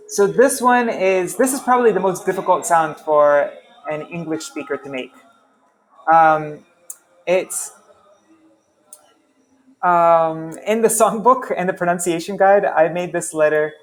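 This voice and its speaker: Chatty man teaching, slightly high voice. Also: a little hiss or hum. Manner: chatty, self-interrupting, repeats sounds to demonstrate. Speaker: language teacher. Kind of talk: casual online class.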